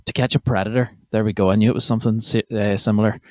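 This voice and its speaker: A man's voice: on the low side, fairly even intonation, rapid-fire, a little mellow, no echo, studio quality. A young man from County Armagh with a Northern Irish accent, hosting a comedy podcast in a rambling, sweary, self-interrupting chat. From County Armagh, Northern Ireland. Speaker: podcast host. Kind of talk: casual comedy monologue.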